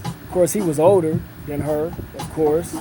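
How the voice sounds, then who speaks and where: Middle-aged man telling a long story in a slow, filler-heavy drawl, voice sitting a little high, music under him. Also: steady tone, low-quality recording. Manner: unhurried storyteller with a drawl, many fillers and repetitions. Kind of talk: casual storytelling. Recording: music playing in the background.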